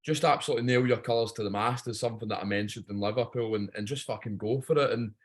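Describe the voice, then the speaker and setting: A man's voice: lowish voice, fast talker. A Scottish man giving a blunt, jokey, swearing pep talk on a video training call. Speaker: guest speaker on a training call.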